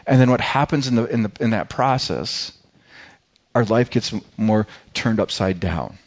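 Halting, conversational male preacher. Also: fairly low pitch. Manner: halting, repeats words often, conversational. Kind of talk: sermon. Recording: dull lo-fi recording.

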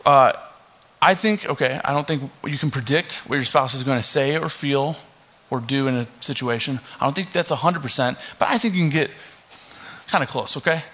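A man's voice: mid-range voice, moderate pace. Young male pastor, casual sermon, joking asides, muffled lo-fi sound. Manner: relaxed, joking asides, many fillers. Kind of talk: casual sermon with scripture reading. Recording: dull lo-fi recording.

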